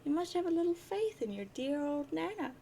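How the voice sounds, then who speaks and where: A cryptic, doting old grandmother, put on by a woman reading a webcomic aloud. She speaks in a high, sing-song voice that sounds set back and distant, with a faint hiss of noise underneath. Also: big pitch swings, fairly quick, dark tone.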